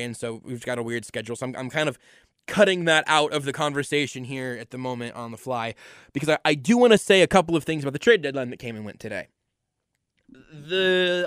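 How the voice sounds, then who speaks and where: A man's voice: medium pitch, fairly bright tone, smooth, no echo, clean studio sound. A man hosting a sports podcast, giving an opinionated solo analysis and repeating words for emphasis. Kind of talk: solo football analysis monologue.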